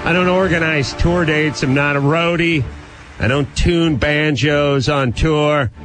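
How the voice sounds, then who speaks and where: A swaggering, self-important radio advice host, as a man puts him on, blunt and boastful, reeling off long repetitive lists of what he is not. His voice sits a touch high for a man, with faint music playing behind. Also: fairly even intonation, measured pace, a bit bright. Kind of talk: comedy character bit with callers.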